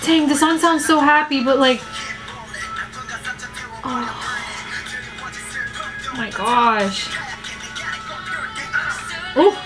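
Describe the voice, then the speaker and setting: A woman's voice: high voice, very slow, long pauses, low-quality recording. A woman hosting a music video reaction vlog, full of gasps and emotional exclamations. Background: music video playing.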